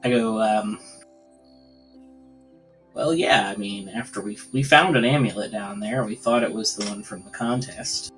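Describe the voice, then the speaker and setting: A man's voice: fairly low pitch, a little slow, pauses often, fairly bright tone, soft background music, low-quality recording. A man playing his character at a tabletop game, talking hesitantly with many fillers. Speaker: player.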